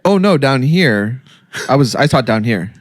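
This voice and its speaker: A man's voice: medium pitch, sing-song, unhurried, no room sound, clean studio sound. A man co-hosting a podcast in casual chat, joking and laughing often.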